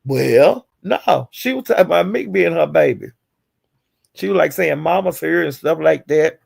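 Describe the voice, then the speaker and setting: Gravelly-voiced woman spilling gossip. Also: low voice, expressive, moderate pace, a little mellow. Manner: chatty retelling, acting out quotes, chuckling. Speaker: streamer recapping online drama. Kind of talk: casual gossip storytelling.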